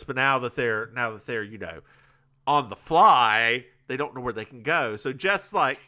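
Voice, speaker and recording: Lively bright-voiced man chatting. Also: mid-range voice, moderate pace. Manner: rambling, stop-start storytelling; says he is bad at accents. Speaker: podcast co-host. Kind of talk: casual chat recapping a TV episode.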